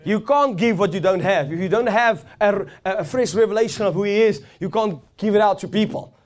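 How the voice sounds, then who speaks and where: Guy preaching a sermon, high voice, fired up and repeating himself. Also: fairly quick. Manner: fervent, rising and swelling as he preaches, with repeated phrases.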